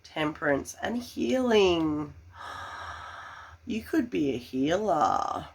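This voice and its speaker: A woman giving a tarot reading, gushing and full of fillers, breaking into excited laughter. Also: lowish voice, slow pace, gravelly, slightly rough. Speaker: tarot reader.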